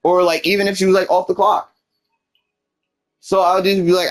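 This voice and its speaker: Talking at normal speed with frequent pauses, a young man streams in a high-pitched, flat voice. He vents casually, rambling through a frustrating personal story and playing both sides of the back-and-forth.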